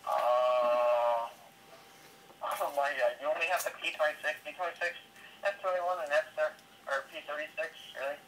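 A man playing a game and thinking aloud in casual chat, distracted and filling pauses with fillers. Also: on the high side, fairly even intonation, fairly bright tone, a little hiss or hum, poor audio. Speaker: gamer. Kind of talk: casual chat while gaming.

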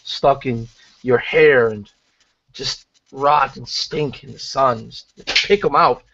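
A man's voice: mid-range voice, slow pace, creaky, fairly bright tone, a little hiss or hum. A man narrating his character's actions in a tabletop game, rambling and stammering, on a dry, muffled lo-fi recording. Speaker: player.

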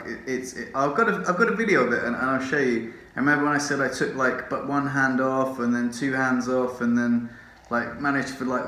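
A man's voice: medium pitch, fairly bright tone. Rambling man in a roomy hospital room. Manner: rambling, chatty, swears and laughs often. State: drowsy from morphine. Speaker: vlogger. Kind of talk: casual vlog chat. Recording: roomy echo.

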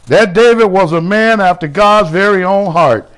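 A middle-aged man preaching a sermon, animated, with shouted exclamations and slow, drawn-out scripture reading. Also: sits high, clean tone. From United States. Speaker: bishop and pastor.

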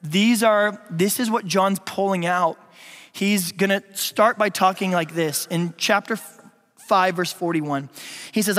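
A man's voice: high voice, unhurried, fairly bright tone. A man preaching a sermon as pastor, playful and quizzing the congregation with questions. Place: church sanctuary. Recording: long reverb of a church hall.

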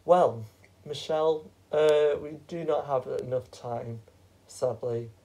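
A hoarse host of a fan-made reality show, chatty and rambling, correcting themself as they go. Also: mid-range voice, slow, mellow, poor audio. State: hoarse, sore throat.

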